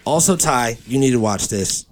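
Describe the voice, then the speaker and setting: A man's voice: medium pitch, lively intonation, normal speed, slight background noise. A man from California hosting a casual podcast chat, rambling, joking and swearing loosely. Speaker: podcast host.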